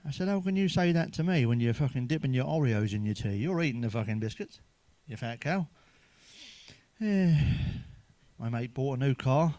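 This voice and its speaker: A man's voice: medium pitch, expressive, normal speed, dark tone, dry recording. Bloke doing dirty one-liners, swears a lot, laughs at his own gags, dry close sound. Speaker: stand-up comedian. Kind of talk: crude joke-telling monologue.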